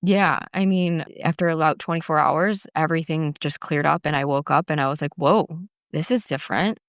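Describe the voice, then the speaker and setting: A woman's voice: low voice, fairly even intonation, brisk, smooth, no echo, clean studio sound. A woman in her forties, a guest candidly telling her own story, reflective, with frequent restarts and fillers. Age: 40s.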